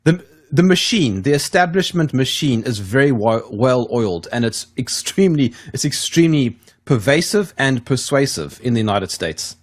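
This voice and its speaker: A man's voice: medium pitch, big pitch swings, moderate pace, hardly any pauses. A man hosting a casual podcast conversation, often chuckling and repeating himself as he searches for words. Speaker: podcast host.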